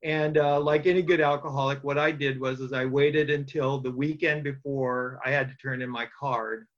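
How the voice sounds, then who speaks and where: A man's voice: medium pitch, steady tone, normal speed, lo-fi sound. A man giving a personal testimony at a recovery meeting, telling his story plainly with dry humor and frequent fillers.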